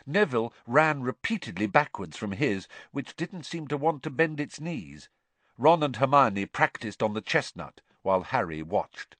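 A man giving expressive, scripted storybook narration at a close mic. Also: medium pitch, normal speed, no echo. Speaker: audiobook narrator.

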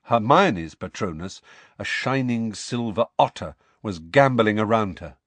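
A man narrating an audiobook in an expressive, measured storytelling manner. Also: fairly low pitch, no room sound. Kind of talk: scripted narration.

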